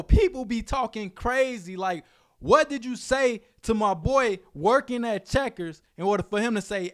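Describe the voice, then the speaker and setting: Young male reaction host from Chicago, streetwise slang, dry close sound, slightly high voice. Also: normal speed, no room sound. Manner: animated, streetwise slang, repeats himself. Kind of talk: casual commentary.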